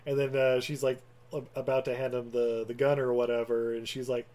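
Give me a casual male podcast co-host with an ordinary mid-pitched voice, meandering through a movie recap. He laughs easily and stumbles through his sentences. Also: flat delivery, a little fast, darkish tone. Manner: rambling, laughing, full of fillers. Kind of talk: casual chat.

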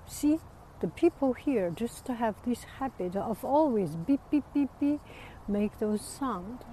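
Slow, mellow woman with Chinese accent. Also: medium pitch, a little hiss or hum, rough recording. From China. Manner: hesitant, many pauses and fillers. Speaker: vlogger. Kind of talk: casual walking chat.

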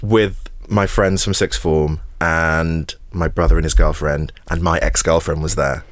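A man's voice: rumbling low, steady tone, a little slow, dry recording, studio quality. A man, an actor openly telling a personal story as a podcast guest, emotional and repeating words. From England. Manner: open, emotional, repeats words, laughs through hard memories.

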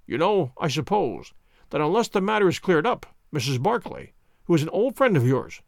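A man reading an audiobook, voicing a cool, incisive detective who speaks in a calm, clipped way. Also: fairly high pitch, moderate pace, creaky, dry recording, studio quality.

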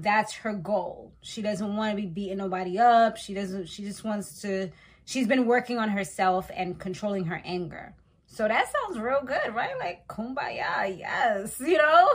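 Woman, slightly high voice, chatty slangy recap host, laughs a lot. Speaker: reality show recapper. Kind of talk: casual recap commentary.

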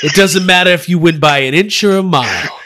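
A man's voice: fairly high pitch, fairly quick, very noisy. A man co-hosting a podcast in casual, joking chat. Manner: joking, does goofy impressions. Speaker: podcast co-host.

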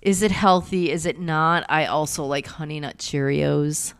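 A woman co-hosting a podcast, her voice on the lower side and recorded close and dry. She talks in a playful, chatty way and laughs easily. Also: a little slow, clear, resonant tone, dry recording. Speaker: podcast co-host. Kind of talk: casual chat.

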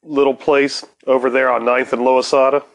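A man's voice: medium pitch, level tone, normal speed. A man co-hosting a casual podcast, talking in a laid-back, profane, rambling way. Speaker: podcast co-host. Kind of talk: casual chat.

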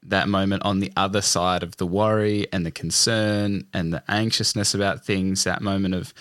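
A man's voice: low voice, steady tone, normal speed, fairly bright tone, no room sound, clean studio sound. A man hosting a podcast interview, reflecting back on his guest's points in an affirming way. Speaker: podcast host. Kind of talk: conversational interview.

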